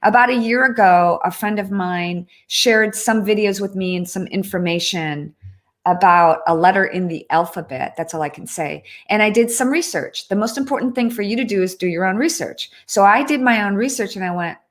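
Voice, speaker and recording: A woman's voice: mid-range voice, moderate pace. A woman hosting a casual livestream, chatting earnestly and reading out viewer comments, often breaking off and restarting. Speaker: livestream host.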